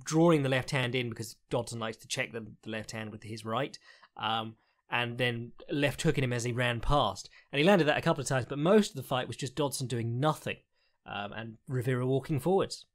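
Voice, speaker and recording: On his podcast, a male fight analyst gives a casual solo recap of fights, rambling and frank, with lots of fillers, the occasional swear and some laughs. His voice is medium in pitch and a little fast.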